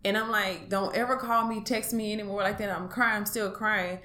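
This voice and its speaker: Woman, interview guest, personal account, halting, hesitant, frequent pauses, restarts, mid pitch. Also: fairly even intonation, sharp tone.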